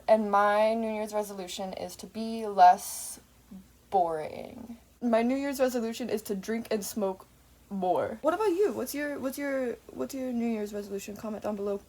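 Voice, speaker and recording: A woman's voice: fairly high pitch, mellow. Rambling woman vlogger, swearing freely. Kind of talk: rambling casual monologue.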